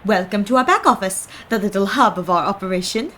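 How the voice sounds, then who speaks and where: A woman's voice: medium pitch, lively intonation, fairly quick, fairly bright tone, lightly acted. Casting: chatty young shop clerk in a game, friendly, bouncy intonation, read by a woman streamer.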